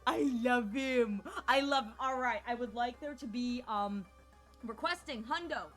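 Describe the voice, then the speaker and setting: Giddy high-voiced woman streamer. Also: a bit bright, faint music behind. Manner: giddy, gushing, fast reactions and gasps. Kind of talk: live gameplay commentary.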